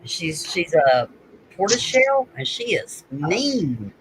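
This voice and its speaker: A man chatting casually and quickly, with faint background hiss. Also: sits high, sing-song, a bit bright, rough recording. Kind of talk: casual chat.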